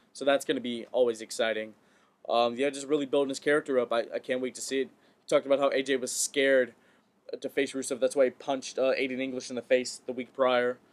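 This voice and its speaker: A man co-hosting a podcast, chatting casually about wrestling, often stumbling and repeating words as he goes. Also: medium pitch. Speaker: podcast co-host.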